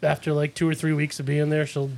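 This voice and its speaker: A man's voice: on the high side, monotone, fast, gravelly, a little mellow. A man hosting a casual podcast chat, joking and teasing the others. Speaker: podcast host.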